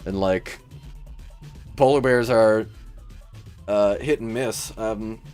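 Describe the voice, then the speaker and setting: A man's voice: fairly low pitch, takes it slowly, darkish tone, smooth, faint music behind. A man from Michigan with a Midwestern accent, hosting a livestream and chatting casually with viewers, rambling and laughing often. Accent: Midwestern American. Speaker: livestream host.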